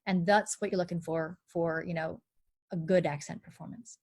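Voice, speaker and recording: A woman who works as a dialect coach, explaining in clear steps and with a lively delivery during a live online panel talk. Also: fairly low pitch, normal speed.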